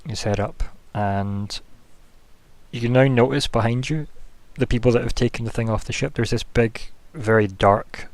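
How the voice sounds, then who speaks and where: A man's voice: mid-range voice, moderate pace, no echo. A man narrating as game master of a tabletop game in a casual, rambling way, with many fillers.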